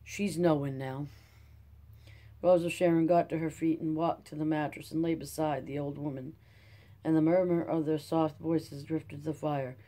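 Calm classic-novel narrator, dark mellow tone. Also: medium pitch, normal speed. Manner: calm, even reading. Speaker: audiobook narrator.

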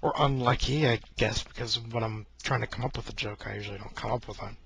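A man's voice: medium pitch, steady tone, fast, gravelly, a bit bright. A man sitting at his computer desk, rambling in a joking, self-deprecating way into a mic held close to his face. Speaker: video blogger. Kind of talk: casual rambling vlog. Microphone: close-up mic he keeps bumping.

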